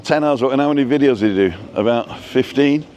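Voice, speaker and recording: A man's voice: medium pitch, fast, darkish tone, slight background noise. A man hosting a casual live stream while walking outdoors through a seaside town, chatting and reading out viewers' names. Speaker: vlogger host.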